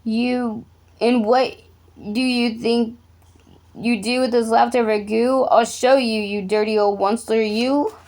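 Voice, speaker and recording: A small, cranky old forest creature scolds in a raised, high voice, as a woman reading aloud puts him on. He speaks up loudly and indignantly, each complaint sounding like a reprimand. It is a storybook voice, made for reading to children. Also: fairly even intonation, slow. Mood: scolding.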